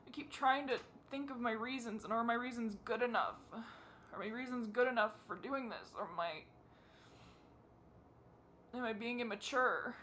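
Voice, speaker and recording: A young adult vlogger crying while talking to the camera, asking halting, self-critical questions in a rambling way. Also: mid-range voice, sharp tone, a little hiss or hum. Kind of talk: confessional talk to camera.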